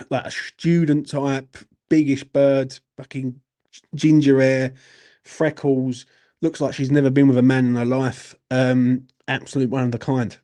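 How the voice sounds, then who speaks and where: Brief: young man, relaxed dark tone, laughs and curses, calls everyone mate. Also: medium pitch. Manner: swearing, animated anecdote with laughs and "mate". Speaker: football channel host. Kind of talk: late-night casual storytelling.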